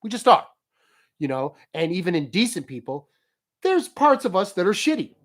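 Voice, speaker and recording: This host has a high-pitched voice and talks at a normal pace in a relaxed way. Animated throughout, he laughs while sharing a story and giving motivational advice.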